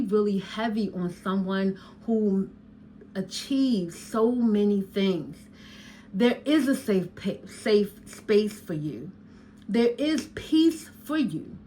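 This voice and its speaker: Animated woman hypnotherapist, coaching listeners. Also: medium pitch, slight background noise. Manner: animated, preachy, talks straight to the listener as "honey" and "y'all"; drops into slow soft voice for hypnosis lines. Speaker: hypnotherapist and podcast host. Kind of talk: motivational talk to listeners.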